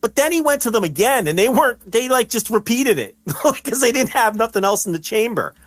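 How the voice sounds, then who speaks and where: A man co-hosting a casual wrestling podcast, telling stories with animation and shouting out the lines he quotes. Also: extremely high pitch, very animated, a little fast. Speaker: podcast co-host.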